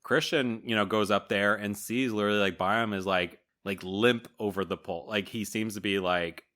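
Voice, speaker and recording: A man co-hosting a podcast, recapping a movie in casual chat and acting out characters in quick bits, laughing often. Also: on the low side, steady tone, sharp tone. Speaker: podcast co-host.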